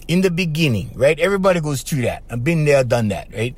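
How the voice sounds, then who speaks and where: A man's voice: on the high side, animated, fairly quick. A middle-aged man, hosting a podcast and telling a client's story in a chatty way, checking in with "okay?" and "right?". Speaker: podcast host and life coach.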